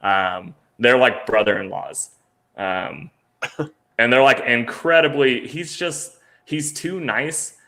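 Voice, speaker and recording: A man's voice: mid-range voice, takes it slowly, pushed and bright. A man co-hosting a casual sports podcast, talking in a loose, rambling way with lots of fillers. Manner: rambling, filler-heavy, laughs while telling stories. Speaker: podcast co-host.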